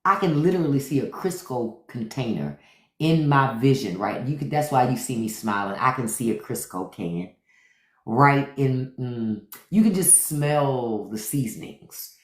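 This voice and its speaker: A podcast host from Washington, D.C., talking loose and profane on a livestream. His pitch swings widely as he riffs. The sound bounces around an echoey room. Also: unhurried. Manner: animated, profane riffing. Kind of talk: casual livestream chat.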